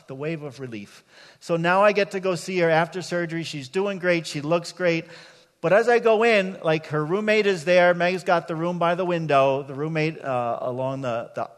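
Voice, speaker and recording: A man's voice: sits high, a bit bright. A man preaching a sermon as pastor, telling a personal story in a conversational way with asides to the congregation. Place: church sanctuary. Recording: long hall reverb.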